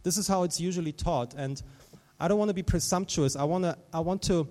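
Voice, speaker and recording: A man preaching a sermon as a pastor, animated, dropping to a hush and then rising to loud, emphatic lines. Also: high voice, a little fast, in a large hall. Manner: animated, swings from hushed to loud.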